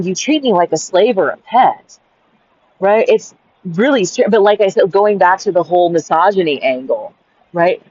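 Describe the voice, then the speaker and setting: A woman's voice: on the low side, no room sound, dull audio. Woman reading her journal, blunt and profane. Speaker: caregiver. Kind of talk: reading a journal aloud and ranting.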